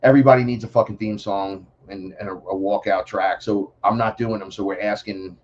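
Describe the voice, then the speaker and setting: A man telling stories in a casual interview, animated and profane, acting out other voices as he talks. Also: fairly low pitch, brisk, lo-fi sound, a little hiss or hum. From New York City. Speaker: podcast guest.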